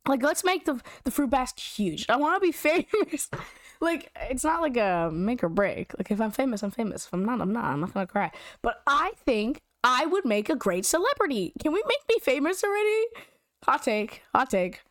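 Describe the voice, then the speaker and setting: A young woman telling a story in casual, animated chat, slangy and giggly with lots of "like". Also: on the high side, moderate pace, hardly any pauses, no room sound, studio quality.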